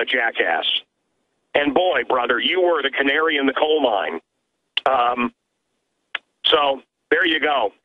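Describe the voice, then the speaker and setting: A man calls in over a muffled, lo-fi phone line, his voice sitting a little higher than most men's. He talks in a heated, emphatic rush of talk radio, tripping over his words and starting sentences again. He sounds worn out and fed up. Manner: emphatic, stammers and restarts, exasperated. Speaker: radio host calling in as a guest.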